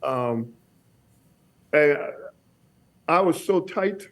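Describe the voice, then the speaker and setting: A man with a fairly high speaking voice tells a story in a casual podcast chat. He talks haltingly, stops and restarts, repeats words and lets a curse slip now and then. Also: lively intonation. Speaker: guest bodybuilder.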